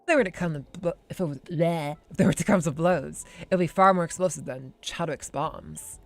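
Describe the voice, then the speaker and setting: A man's voice: a little high, normal speed, vocal fry, soft background music. A man voicing an aloof female genius scientist with a dry, matter-of-fact delivery.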